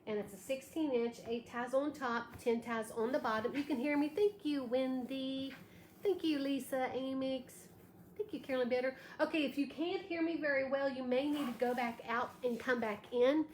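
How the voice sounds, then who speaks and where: With a high voice and a normal speed, a slightly tired woman with allergies runs a craft livestream, thanking viewers by name while she demonstrates. The recording has an echoey room sound and faint background noise.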